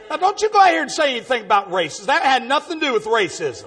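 A man preaching, telling folksy stories with exuberant shouting bursts and a husky voice. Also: very high voice, sing-song, quick pace, hardly any pauses. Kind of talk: storytelling sermon testimony.

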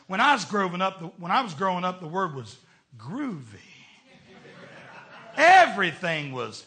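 A man's voice: sits high, very animated, normal speed, bright, forceful tone. An older man preaching a sermon, folksy and humorous in his storytelling. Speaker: pastor.

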